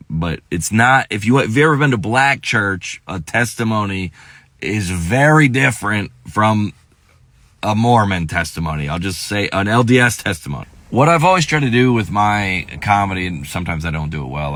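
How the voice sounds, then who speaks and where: Deep-voiced comedian rambling through a story. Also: male voice, fairly bright tone, dry recording. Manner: rambling, self-interrupting, with quick asides.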